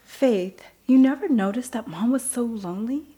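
A woman's voice: fairly high pitch, moderate pace, dark tone, close to an everyday voice. An actress playing a cautious young adult daughter who keeps objecting to her sister's risky plans. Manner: anxious, objecting. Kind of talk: film drama acting.

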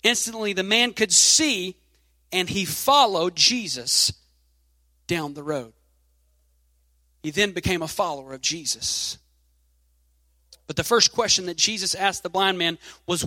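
A man's voice: high voice, unhurried, pauses often, pushed and bright, no echo, long reverb tail. A man preaching a sermon, reading scripture aloud and leaning hard on key phrases.

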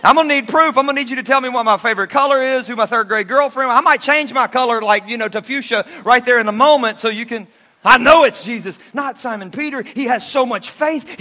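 A man preaching a sermon as a pastor, telling stories in a lively way and acting out the characters. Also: extremely high pitch. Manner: animated storytelling preacher who acts out the characters. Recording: reverberant hall.

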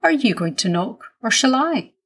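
A woman voicing a gentle, reassuring mother in a children's storybook. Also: fairly high pitch, sing-song, normal speed, slightly rough, voice pushed up, full character voice. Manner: soothing, lightly teasing.

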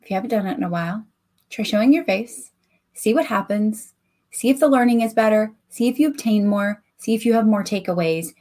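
Speaking fairly quickly in a medium-pitched, dark-toned voice, a Southern country-accented woman runs a casual solo podcast as host and coach. Recorded like a voice message, she addresses her listeners directly and with animation.

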